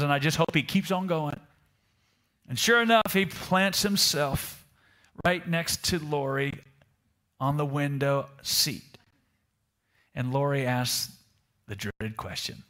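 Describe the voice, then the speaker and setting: A male pastor delivers a storytelling sermon and draws the congregation in with rhetorical questions. His voice sits a little high for a man and has a bright, forceful ring. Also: moderate pace. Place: church service in Italy.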